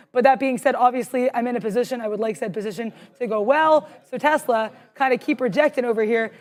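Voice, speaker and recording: A woman co-hosting a live trading stream, excitable and rambling, jittery with adrenaline. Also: high voice. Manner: excitable, rambling, self-deprecating. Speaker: stream co-host, day trader.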